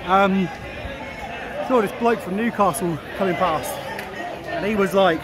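A man's voice: sits high, unhurried. A man chatting and joking casually as he films himself walking a city at night, swearing now and then. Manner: chatty, jokey, laughs often, swears casually. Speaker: travel vlogger. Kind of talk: casual walk-and-talk vlog. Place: busy city street at night, outdoors. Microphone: handheld camera he films with. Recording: busy crowd and street noise.

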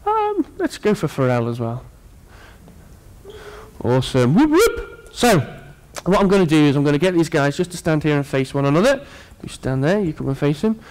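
Here a male preacher with a slightly higher, darkish voice races through his sermon with hardly any pauses, his pitch swooping wildly. He's earnest throughout yet keeps joking with the congregation.

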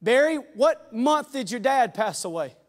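Very high-voiced preacher in an echoing hall. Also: male voice, very animated, unhurried. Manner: fervent, swings from shouted peaks to quiet asides; folksy, joking. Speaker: pastor. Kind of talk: sermon. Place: church sanctuary. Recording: long hall reverb.

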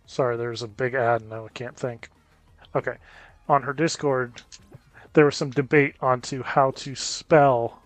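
A man giving casual gameplay commentary as a gaming YouTuber, chatting with viewers and reacting out loud to close calls. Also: medium pitch, no room sound. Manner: chatty, reacts loudly to near misses.

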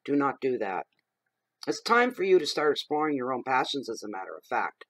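A middle-aged man giving a general tarot reading, expressive and emphatic, working himself up as he talks. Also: mid-range voice, a little fast, no room sound, low-quality recording. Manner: expressive and emphatic, gets riled up. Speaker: tarot reader.

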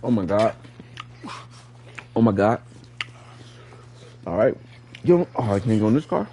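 A man giving live gameplay commentary, playfully trash-talking enemies and repeating excited catchphrases. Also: fairly low pitch, a little slow, a little hiss or hum. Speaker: gaming streamer.

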